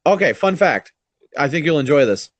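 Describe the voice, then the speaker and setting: A man's voice: fairly high pitch, moderate pace, dry recording, highs cut off. Young guy cohost, dry close sound, tells stories with a lot of energy, swears a bit. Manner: animated storyteller, swears casually. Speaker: podcast co-host. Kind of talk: casual chat.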